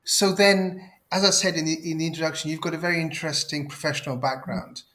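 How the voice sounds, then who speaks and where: A man's voice: fairly high pitch, quick pace, pushed and bright. A man hosting an interview, affirming his guest and restarting his sentences with fillers. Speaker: host.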